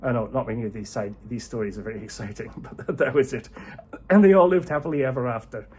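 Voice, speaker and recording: A man's voice: medium pitch, fast, breathy edge. A man telling a folk tale casually and with animation, chuckling and poking fun at himself. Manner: animated, chuckling, self-deprecating. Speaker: storyteller.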